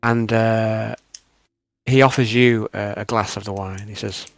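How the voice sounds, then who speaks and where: A man's voice: fairly low pitch, steady tone, measured pace, vocal fry, no echo, faint music behind. A man running a tabletop game as game master, narrating scenes in a descriptive way with many fillers.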